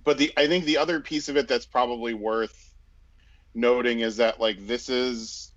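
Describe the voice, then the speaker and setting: A man's voice: medium pitch, fairly even intonation, moderate pace, a bit bright, no room sound, muffled recording. A man in casual sports chat, rambling with many fillers and restarts.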